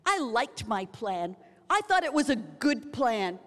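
A woman delivers a sermon with a high, ringing voice. She tells stories dramatically, acting out the people in them. Her words trail off into the long reverb of a large hall. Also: very animated, slow, a bit bright. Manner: dramatic storytelling, acting out quotes. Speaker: preacher.

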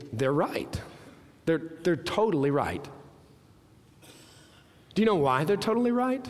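A man in his thirties preaching a sermon, earnest and emphatic, climbing to strong peaks and dropping low. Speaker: pastor. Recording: reverberant hall.

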